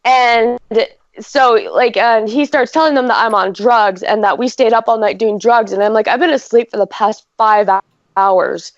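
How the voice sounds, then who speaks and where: A woman's voice: fairly high pitch, normal speed, no echo. A woman in her thirties from Canada, chatting on a podcast and telling a long personal story full of fillers and quoted dialogue. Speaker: podcast co-host. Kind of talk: casual chat. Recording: dry, dull lo-fi podcast audio.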